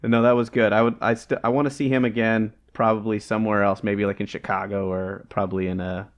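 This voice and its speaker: A man's voice: on the low side, flat delivery, fast talker. Man, podcast co-host, casual chat, rambling, lots of fillers. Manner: rambling, searching for words with many fillers.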